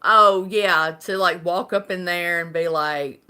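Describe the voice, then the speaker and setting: A woman's voice: fairly low pitch, a little slow, sharp tone, smooth. A woman from Alabama with a Southern accent, chatting casually and rambling on a live stream, laughing often. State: unwell.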